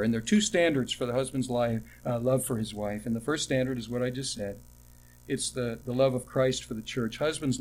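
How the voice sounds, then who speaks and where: A middle-aged man preaching a sermon, with animated emphasis that drops to quiet asides and personal stories told with restarts. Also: mid-range voice, a little hiss or hum. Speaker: pastor.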